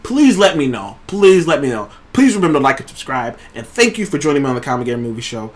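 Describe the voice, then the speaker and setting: A man hosting a casual trailer review show, talking in an excited, rambling way and swearing freely. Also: mid-range voice, fast talker. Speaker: show host.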